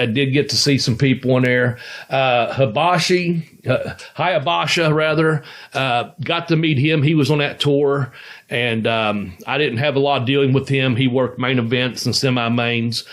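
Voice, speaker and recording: A man co-hosting a podcast, a former wrestler telling rambling, profane stories and laughing as he goes. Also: mid-range voice. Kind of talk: casual storytelling chat.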